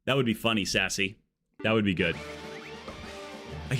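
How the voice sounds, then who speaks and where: A man's voice: on the low side, normal speed, long pauses, music in the background. A man hosting a live gaming stream, chatting casually and joking as he wanders off on tangents. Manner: rambling, joking, goes off on tangents. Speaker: livestream gaming host. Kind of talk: casual live gameplay chat. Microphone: earbud mic.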